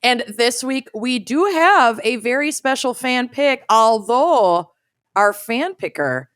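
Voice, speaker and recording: A woman co-hosting a casual podcast, chatty and jokey with an animated delivery, on a close mic. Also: a little high, slow pace, clean tone, no room sound. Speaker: podcast co-host.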